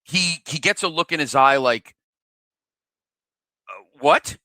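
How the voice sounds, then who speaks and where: A man's voice: fairly high pitch, moderate pace, bright, forceful tone, no echo. A man co-hosting a podcast in casual chat, hesitant with many fillers and restarts. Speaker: podcast co-host.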